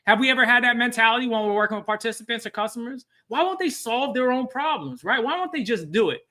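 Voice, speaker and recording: Man, high voice, bright and forceful, webinar trainer, engaging, keeps asking the audience questions. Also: expressive, fast. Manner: engaging, quizzes the audience often. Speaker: workforce training webinar presenter. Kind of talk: live webinar talk with storytelling.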